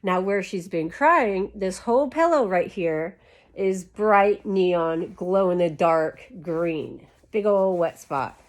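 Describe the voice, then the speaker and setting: A woman's voice: fairly low pitch, animated, slow pace. A woman chatting to camera in a rambling, casual way full of "like" fillers, talking while lying down. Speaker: YouTube creator.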